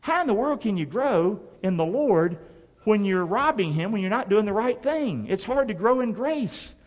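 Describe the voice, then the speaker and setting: A man's voice: high-pitched, animated, normal speed, big-room sound. A man preaching a sermon as pastor, emphatic and drawing the congregation to respond. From North Carolina.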